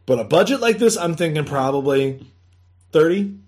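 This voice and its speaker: Male co-host on a movie podcast, animated, laughs a lot, acts out lines in goofy voices. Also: on the high side, normal speed. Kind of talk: casual movie review chat.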